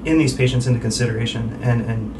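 Er doc telling patient stories, lots of uhs, mic set back, noisy room. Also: male voice, mid-range voice, steady tone, fast. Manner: storytelling with many fillers. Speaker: emergency physician. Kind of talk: casual medical podcast talk. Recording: distant mic with background noise.

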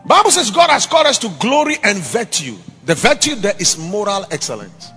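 A man preaches in a lively, emphatic style, his voice bright and fairly high for a man. His delivery swings between loud exhortation and quiet asides. The sound carries a long church-hall reverb with faint music underneath. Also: a little fast, slightly rough. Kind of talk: sermon.

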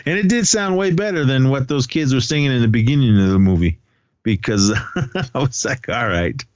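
A man's voice: mid-range voice, lively intonation, moderate pace, dry recording, highs cut off. A man co-hosting a podcast, casually retelling a film's scenes in a rambling way, acting out quoted lines. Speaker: podcast co-host. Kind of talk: casual movie recap chat.

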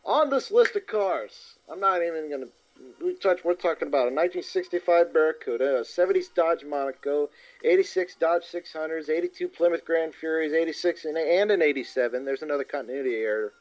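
A podcast co-host speaks a little fast in a fairly high voice, rambling through details and correcting himself along the way. The casual chat is recorded in dull lo-fi with faint music.

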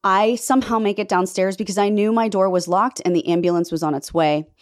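A woman's voice: steady tone, a little fast. A young adult woman telling an emotional personal testimony to her viewers, intense and dramatic, her voice jumping up sharply on emphatic words. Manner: intense, dramatic storytelling with sudden pitch leaps when emphatic. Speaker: faith vlogger telling a personal story.

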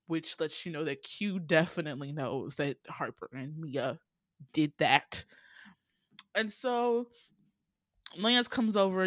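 A woman giving a casual movie recap, animated and profane, laughing often. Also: deep voice, no echo.

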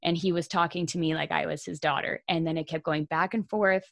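A young Canadian woman co-hosting a podcast, telling a story in a casual, animated way and laughing often. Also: low-pitched, a little fast, vocal fry, no room sound, studio quality. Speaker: podcast co-host.

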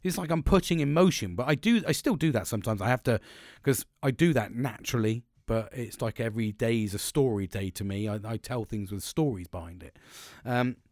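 A man's voice: mid-range voice, fairly quick, darkish tone, no room sound, studio quality. A middle-aged man hosting a podcast, talking bluntly and casually, swearing often and rambling with restarts. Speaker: podcast host.

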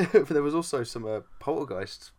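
A man's voice: mid-range voice, animated, normal speed, darkish tone. A man co-hosting a casual podcast, joking, swearing and laughing often. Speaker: podcast co-host. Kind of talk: casual chat.

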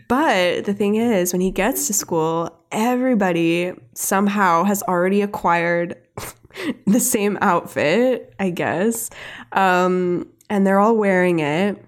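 A woman's voice: mid-range voice, measured pace. A young woman chatting casually, retelling a cartoon episode with constant "like" fillers. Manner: heavy use of "like" fillers, chatty and animated.

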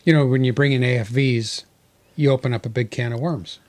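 A man's voice: mid-range voice, a little fast, darkish tone. A man co-hosting a podcast in casual chat, musing aloud and playing the contrarian. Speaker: podcast co-host.

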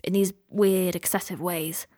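Give me a woman playing a quiet young man, subdued, for a read-aloud story. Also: lowish voice, steady tone, measured pace, lightly acted.

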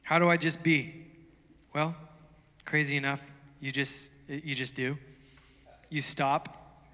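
A man's voice: fairly high pitch, fairly even intonation, takes it slowly. Fervent preacher man in a reverberant hall. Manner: conversational preaching that swells to loud fervent passages. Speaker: pastor. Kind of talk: sermon. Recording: long reverb of a large hall.

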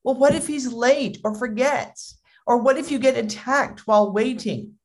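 A speaker voicing an anxious, overprotective mother in a funny story, fretting in a high voice. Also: animated, unhurried. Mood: alarmed. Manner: fretful, high-pitched.

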